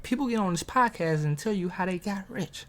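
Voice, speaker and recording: A man giving a casual motivational talk to viewers. He uses street slang, asks them questions and gets hyped, with big jumps in pitch. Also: animated, a little fast, fairly bright tone. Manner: talks straight to viewers, asking questions. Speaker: motivational vlogger.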